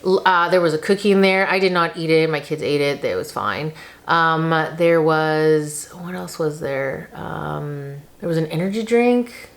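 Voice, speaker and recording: A woman's voice: sits low, unhurried. A woman in her thirties talking casually to the camera in a vlog, chatty and emotional, often saying "like". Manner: chatty, emotional, uses lots of "like". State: tearful, on the verge of crying. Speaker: vlogger.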